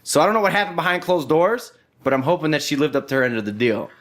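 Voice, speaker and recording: A young adult man hosting a podcast, telling stories in an animated, profane way and saying "dude" and "bro" a lot. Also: a little high, fast. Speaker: podcast host. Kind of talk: casual storytelling chat.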